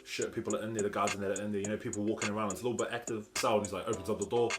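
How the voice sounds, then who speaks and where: Slangy young New Zealand guy, low voice. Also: level tone, rapid-fire, over music. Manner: slangy, swears a lot, acts out quotes. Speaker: vlogger. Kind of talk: casual storytelling.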